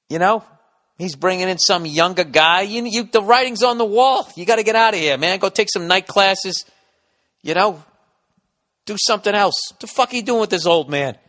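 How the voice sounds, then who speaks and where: A man's voice: on the high side, normal speed, fairly bright tone, big-room sound. A man hosting a comedy podcast, talking in a blunt, rambling monologue with constant swearing. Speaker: podcast host.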